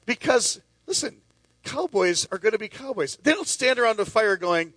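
A man's voice: high voice, big pitch swings, normal speed, fairly bright tone, dry recording. A middle-aged male pastor preaching a sermon, telling stories with many restarts and asides. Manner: storytelling with lots of restarts and asides.

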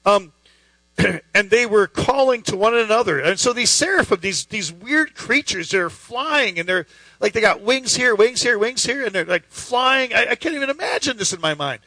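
High bright-voiced male preacher. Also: lively intonation, normal speed, no echo, low-quality recording. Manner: emphatic, conversational, rhetorical questions. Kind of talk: sermon.

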